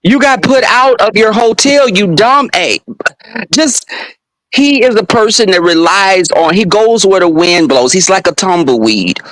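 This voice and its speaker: A man on a video call, gossiping and mocking someone in an animated way. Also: high voice, no room sound, rough recording. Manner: animated, mocking, trails off and restarts. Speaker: panelist. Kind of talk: casual gossip chat on a live stream.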